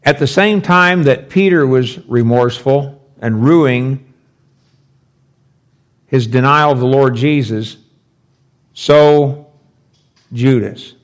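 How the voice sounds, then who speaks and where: A man giving a verse-by-verse Bible teaching at an unhurried, deliberate pace. His pitch sits in an ordinary middle range, and he talks it through conversationally, posing questions to his listeners. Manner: slow, conversational, thinks aloud with rhetorical questions. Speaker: pastor teaching scripture.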